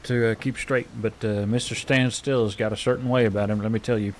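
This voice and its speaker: A man playing a frontier healer in relaxed in-character roleplay, rambling and hesitant with many fillers. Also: on the low side, a little fast, a little hiss or hum. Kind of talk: in-character western roleplay chat.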